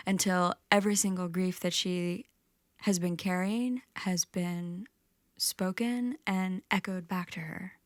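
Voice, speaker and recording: A woman's voice: on the low side, fairly even intonation, slow pace, dry recording, studio quality. A woman singer-songwriter casually retelling a myth between songs, with plenty of fillers. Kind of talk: spoken storytelling between songs. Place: music session recording on a campus.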